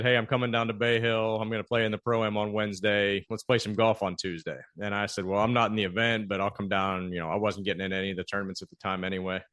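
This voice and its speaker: A man's voice: lowish voice, fairly bright tone. A man hosting a podcast, telling a story in a casual chat and acting out the quoted lines. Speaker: podcast host.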